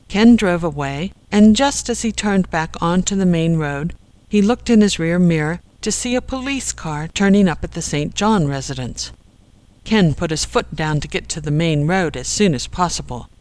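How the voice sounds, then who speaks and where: An audiobook narrator reading a comic story in a steady storytelling manner. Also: medium pitch, no room sound, poor audio. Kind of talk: scripted narration.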